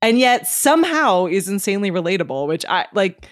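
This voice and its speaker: A woman's voice: medium pitch, big pitch swings, brisk, no room sound, studio quality. A woman guest chatting casually on a podcast, laughing often and filling with "like".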